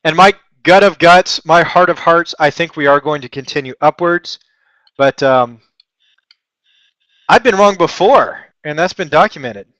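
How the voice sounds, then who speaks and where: A man from Texas runs a live trading lesson, talking through his ideas in a loose, chatty way. His voice sits a bit high for a man and is full of jokes at his own expense. The sound is dry and close. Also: measured pace, fairly bright tone, dry recording. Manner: chatty, joking and self-deprecating, rambling asides. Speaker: trading webinar host.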